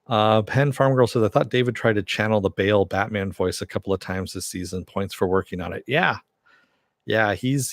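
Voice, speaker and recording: A man's voice: lowish voice, dry recording, clean studio sound. A man hosting a casual live stream, reading viewer comments aloud and rambling with a self-deprecating chuckle.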